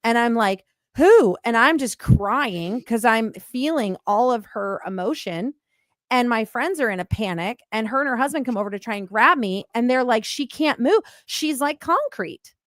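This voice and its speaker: A woman's voice: a little high, moderate pace, no echo. Woman telling a ghost story, dry sound. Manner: animated, emphatic, many fillers. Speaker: paranormal investigator guest. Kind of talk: casual storytelling on a podcast.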